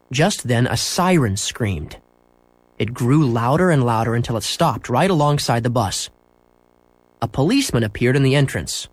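Storyteller man for a kids' book, lively pitch, dry close sound. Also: husky, dry recording. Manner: expressive, playing out sound effects. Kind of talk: reading a children's book aloud.

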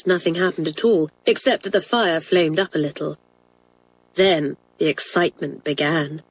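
A woman narrating a children's story in a measured, expressive reading voice. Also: on the low side, rough recording.

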